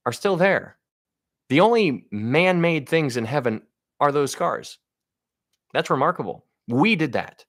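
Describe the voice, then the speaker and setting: A man's voice: a little high, fairly bright tone, dry recording. Eager, dry-voiced man teaching scripture live. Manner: enthusiastic, talks straight to viewers, frequent restarts. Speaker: Bible teacher on a livestream. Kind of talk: casual livestream Bible teaching.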